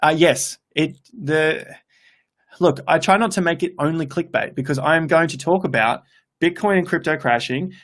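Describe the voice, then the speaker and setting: An Australian crypto YouTuber in his thirties runs a livestream from his home room with a laptop, cheerfully chatting through viewer comments and frequently catching himself mid-sentence to restart. His male voice sits fairly high and a bit bright, at a moderate pace.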